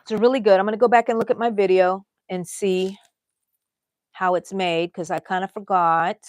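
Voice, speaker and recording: A woman's voice: medium pitch, fairly even intonation, normal speed, dry recording. Chatty woman crafting on livestream. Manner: chatty, rambling, reads out viewer comments. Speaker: crochet livestream host. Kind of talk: casual livestream chat.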